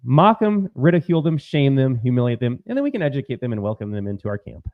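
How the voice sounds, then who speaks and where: A sarcastic American man delivering heated commentary, his pitch swinging widely from line to line. The sound is dry and a little dull, with no room around it. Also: very animated, fast talker, dry recording. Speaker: political commentary host. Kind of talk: commentary on clips.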